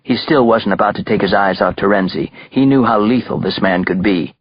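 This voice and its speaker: A male audiobook narrator with a very low, husky voice reads in measured, even narration. The recording is close and dry, with a dull, slightly muffled top end. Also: no room sound. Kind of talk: scripted narration.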